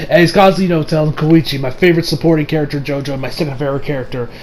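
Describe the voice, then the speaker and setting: A young man casually reviewing an anime episode, excitable and profane, rambling with many restarts and acting out scenes. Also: on the high side, rapid-fire, a little hiss or hum.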